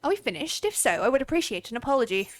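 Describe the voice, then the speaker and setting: A woman's voice: high voice, very animated, rapid-fire. A woman reading out a game porter's lines, huffy and indignant, defending his shipments. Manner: huffy, reading dialogue aloud.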